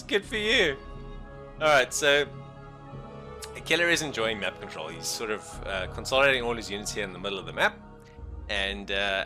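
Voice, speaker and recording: High bright excitable male game caster. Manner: excitable, jokey, swings between mumbled asides and loud outbursts. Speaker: esports caster. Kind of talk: solo game commentary.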